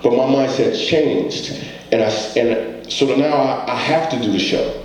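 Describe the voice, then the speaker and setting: A man's voice: medium pitch, measured pace. A man, a comedian, giving an earnest motivational talk on stage, telling stories and asking the audience rhetorical questions. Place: stage before a live audience. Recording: very echoey hall, faint background noise.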